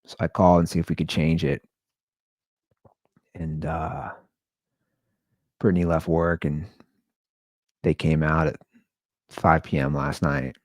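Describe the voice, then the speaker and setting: A very low male voice with a gravelly, fry-edged texture, recorded close and dry. He hosts his own show, rambling in a somber, casual way. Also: fairly even intonation, measured pace, long pauses, no room sound. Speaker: podcast host. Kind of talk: casual solo monologue.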